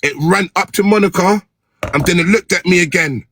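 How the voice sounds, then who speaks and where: A man, a dog trainer chatting casually on a live stream in rapid slang, full of restarts and swearing. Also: sits high, noisy background. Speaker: dog trainer and content creator.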